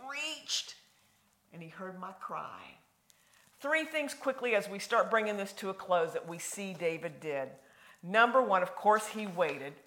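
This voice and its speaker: A woman with a medium-pitched voice preaches a sermon in a folksy, conversational way. She swings from loud emphasis to hushed, near-whispered lines.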